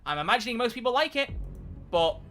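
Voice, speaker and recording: Brief: male streamer, bright forward tone, chatty and animated, casual swearing. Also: extremely high pitch, fast talker, soft background music. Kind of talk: casual live-stream chat while gaming.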